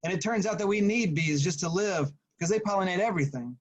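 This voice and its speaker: A man's voice: high voice, expressive, fast, low-quality recording. A man reading aloud as a remorseful working-class husband at confession, talking in a folksy, rambling way.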